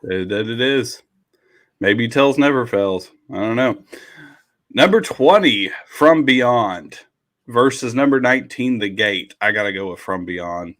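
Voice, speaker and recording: A man hosts a loose podcast conversation, reading entries aloud and cursing casually between them. His voice sits at an ordinary middle pitch. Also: lively intonation, measured pace, a bit bright. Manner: loose, swearing, reads out list entries. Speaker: podcast host. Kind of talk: casual chat.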